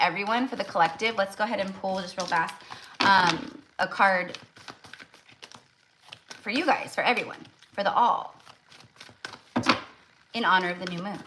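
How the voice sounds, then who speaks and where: A woman's voice: mid-range voice, background noise. A woman doing a casual tarot reading for her viewers, rambling with lots of "like" and restarts. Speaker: tarot reader.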